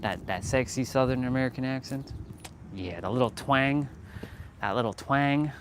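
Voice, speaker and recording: A young man from Canada chats on his fitness livestream in a loose, slangy way, laughing often. His voice sits at an ordinary middle pitch. A faint hiss of background noise runs under the talk. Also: normal speed, fairly bright tone. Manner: laid-back, laughing, slangy. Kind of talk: casual livestream chat.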